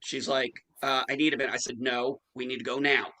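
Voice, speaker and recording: A man in his forties tells a story in casual podcast chat. He swears freely and acts out each quote. His voice is bright and tense, at an ordinary middle pitch. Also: brisk, poor audio. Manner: profane, animated storyteller acting out quotes. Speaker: podcast host.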